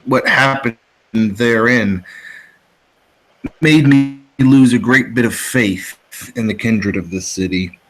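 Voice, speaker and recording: A man's voice: medium pitch, takes it slowly, pauses often, fairly bright tone, low-quality recording. A man playing a grave, disillusioned male vampire who speaks in formal, old-fashioned phrases during a tabletop role-play. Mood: disappointed, grave.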